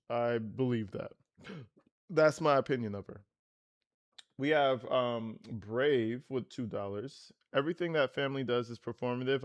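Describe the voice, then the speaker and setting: A man hosting a livestream, commenting in a blunt, sarcastic way with lots of swearing. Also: mid-range voice.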